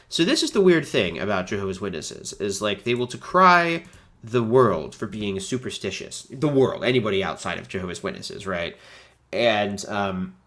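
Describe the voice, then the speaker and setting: A man in his thirties from the United States with a stuffy nose, hosting a chatty, animated livestream. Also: medium pitch. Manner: chatty and animated, many fillers. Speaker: host. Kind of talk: casual livestream chat.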